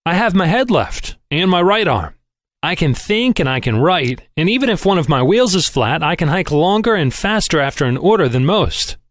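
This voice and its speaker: A man reading a novel aloud as scripted narration, giving the characters their own voices in a lively, expressive way. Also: a little high, normal speed, no echo, studio quality. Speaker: audiobook reader.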